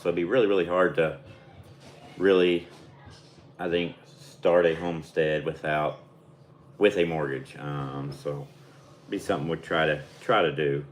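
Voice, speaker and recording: Young arkansas guy with a real low voice, kinda hesitant, lots of ums, faint hiss. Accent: Arkansas Southern. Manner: hesitant, many ums and repeated starts. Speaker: livestream co-host. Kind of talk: casual livestream chat.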